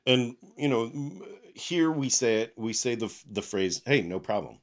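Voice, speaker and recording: A man speaking as a guest in a casual podcast interview, telling animated stories with laughs at a desk microphone in his home office. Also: mid-range voice, normal speed. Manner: animated storyteller with frequent laughs and quoted voices.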